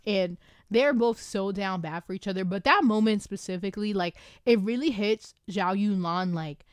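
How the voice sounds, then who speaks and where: A woman host excitedly talking through a book she loves, gushing with lots of fillers, in a casual review chat recorded at home on a desk microphone. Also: mid-range voice, moderate pace, smooth, no echo, clean studio sound. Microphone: desk microphone with camera.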